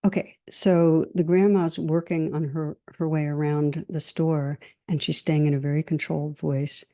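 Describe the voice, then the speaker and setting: Her voice sits low and barely moves in pitch. This middle-aged meditation teacher offers a dharma talk in a gentle, measured way, telling stories and working slowly through lists.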